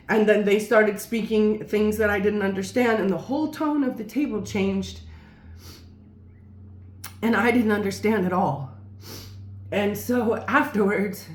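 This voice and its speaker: Rambling woman telling a story, roomy sound. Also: medium pitch. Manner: rambling, full of fillers and restarts. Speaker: storyteller vlogger. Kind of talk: casual storytime monologue. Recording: roomy echo.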